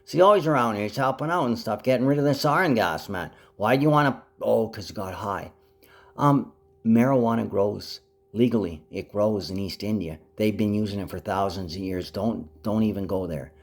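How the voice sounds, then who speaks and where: Low-voiced man, rambling vlog monologue. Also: moderate pace. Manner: rambling, jumps between topics, sudden pitch leaps; speaks to his mother directly, affectionate.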